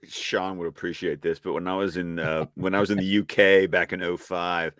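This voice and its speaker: A man's voice: low-pitched, flat delivery, moderate pace, a bit bright, dry recording, clean studio sound. A man from the Southern United States, a guest in a casual film chat, telling stories with theatrical animation. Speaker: guest co-host.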